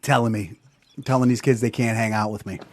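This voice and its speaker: A man hosting a podcast, telling a story in a lively, profane way and putting on voices. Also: on the low side, fairly quick, a little hiss or hum. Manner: animated storyteller doing voices, swears freely. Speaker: podcast host. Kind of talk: storytelling chat.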